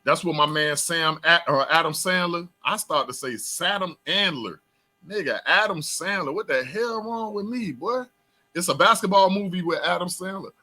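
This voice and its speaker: A young man with a South Florida accent hosting a talk show, hyped and loud, jumping between shouting and mumbling. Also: on the high side. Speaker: host.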